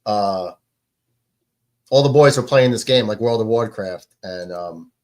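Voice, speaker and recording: A man co-hosting a live stream, laid back and joking, often trailing off softly. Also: on the low side, unhurried. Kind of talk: casual banter on a live stream.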